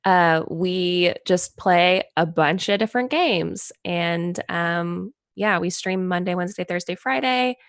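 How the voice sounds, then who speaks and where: A woman's voice: fairly low pitch, measured pace, few pauses, no echo, clean studio sound. A woman streamer introducing herself as a player, speaking in a friendly, upbeat way. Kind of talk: casual self-introduction.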